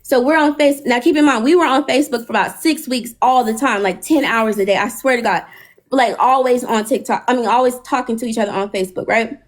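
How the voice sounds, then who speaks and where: A woman's voice: on the high side, brisk. A woman hosting a live stream, telling a long story in casual chat, cursing and acting out what people said. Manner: animated, profane, retells dialogue.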